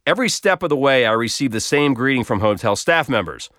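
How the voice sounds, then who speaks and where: A man tells a personal story with wry, self-deprecating humor, his pitch rising and falling freely as he goes. The recording is dry and close, with no room echo around him. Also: expressive, fast, fairly bright tone. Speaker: blog storyteller.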